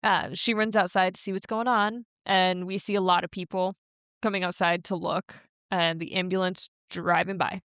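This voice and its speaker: A woman's voice: fairly low pitch, level tone, normal speed, fairly bright tone, smooth, no echo. Woman co-host, chatty and filler-heavy, dry, slightly muffled recording. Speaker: podcast co-host. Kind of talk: casual recap chat.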